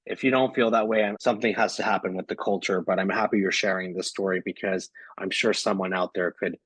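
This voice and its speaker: A man's voice: low-pitched, fairly even intonation, quick pace, fairly bright tone, husky, no room sound, rough recording. A man hosting an interview, responding to his guest in a sympathetic, reassuring way. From Los Angeles. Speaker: interview host, project manager. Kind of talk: supportive interview chat.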